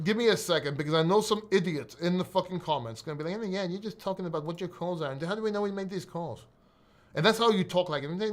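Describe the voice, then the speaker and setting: A middle-aged man from Greece, a crypto video host, talking casually and bluntly, swearing and rambling with restarts. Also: on the high side. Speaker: crypto YouTuber. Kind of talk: casual solo video talk.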